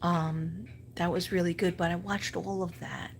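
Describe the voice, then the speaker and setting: A woman's voice: lowish voice, fairly even intonation, unhurried, gravelly, slight background noise. A middle-aged woman with a New York accent, chatting casually with viewers on a livestream, rambling and restarting, sometimes dropping to a whisper. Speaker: livestream host.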